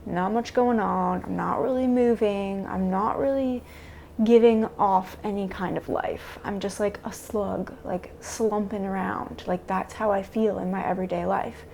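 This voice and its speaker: A woman vlogging a confessional self-talk monologue to camera, halting and searching for words with many restarts. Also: medium pitch, steady tone, gravelly, a little mellow, slight background noise. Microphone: camera mic.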